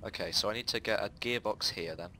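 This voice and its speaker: A man's voice: fairly low pitch, fast talker, bright, forceful tone. A young man casually chatting while playing a building game, talking through each step with fillers. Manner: chatty, explains his building steps with fillers. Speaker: game host. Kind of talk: casual let's-play chat.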